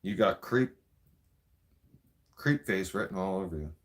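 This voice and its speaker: A man's voice: sits low, lively intonation, unhurried. A Canadian man delivering an angry, profane political rant in a vlog. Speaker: vlogger.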